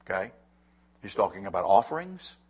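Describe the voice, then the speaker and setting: A man preaching a sermon, reading scripture slowly and with emphasis, with quick spoken asides to the congregation. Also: sits low, sing-song, breathy edge. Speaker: pastor.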